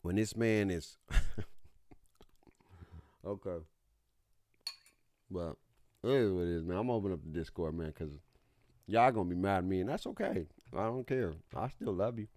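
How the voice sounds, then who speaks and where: A man's voice: sits low, lively intonation, normal speed, pauses often, a little mellow, no echo, studio quality. A man hosting a gaming livestream, chatting casually in a laid-back, slangy way, repeating himself as he talks to his viewers. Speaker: streamer host.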